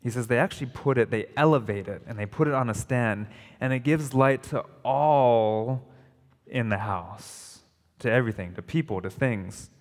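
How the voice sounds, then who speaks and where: A man's voice: medium pitch, normal speed. Man, pastor, sermon, emphatic, repeats phrases, echoing church hall. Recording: long reverb of a hall.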